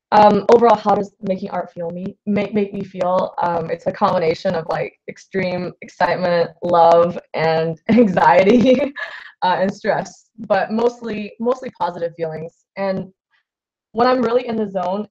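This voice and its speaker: A woman's voice: medium pitch, darkish tone. A young woman artist chatting casually with viewers on a livestream as she paints, scattered and self-deprecating, with lots of fillers. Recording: slightly dull lo-fi livestream audio.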